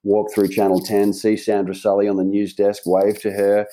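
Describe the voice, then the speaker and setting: An Australian man talks as a guest in a relaxed chat, spinning a long personal story. His voice sits low and warm, and he rambles along with frequent false starts. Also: moderate pace. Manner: rambling, chatty, with frequent restarts. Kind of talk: casual anecdote in a conversation.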